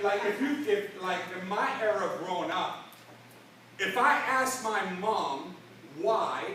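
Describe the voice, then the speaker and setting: Middle-aged male motivational speaker, high-pitched and punchy, heard from a distance in an echoey convention hall. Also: a little hiss or hum. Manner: energetic, fast-shifting, acts out dialogue, frequent "right?". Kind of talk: convention stage speech. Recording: echoey hall recording from far off.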